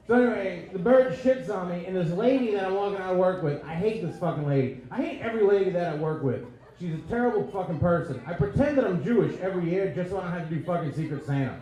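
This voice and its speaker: High, mellow-voiced crude stand-up man. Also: lively intonation, quick pace. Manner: crude, self-deprecating, riffing with the crowd. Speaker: stand-up comedian. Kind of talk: stand-up comedy set. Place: comedy club stage. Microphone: handheld stage mic. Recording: echoey club with audience. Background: audience laughter.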